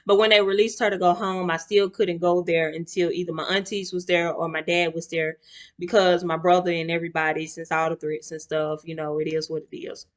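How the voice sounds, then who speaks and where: A young woman tells a long family story straight to camera. She talks in a lively, chatty way, often turning to the viewer with y'all and slipping into her relatives' voices. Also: fairly low pitch, a little fast. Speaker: vlogger.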